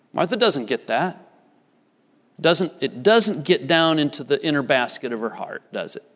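A man's voice: fairly high pitch, animated, normal speed, fairly bright tone. A man preaching a sermon earnestly, putting repeated questions to his congregation in a church. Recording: church hall reverb.

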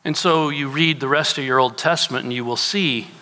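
Bright-voiced man preaching in a reverberant hall. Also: mid-range voice, a little fast, a little hiss or hum. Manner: teaching with rhetorical questions to the congregation. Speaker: pastor. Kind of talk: sermon. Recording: long reverb of a large hall.

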